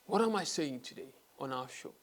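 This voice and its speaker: A man's voice: mid-range voice, lively intonation, brisk. A man hosting a talk show, delivering an earnest monologue that repeats its key phrases and sinks to a whisper for emphasis. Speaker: host.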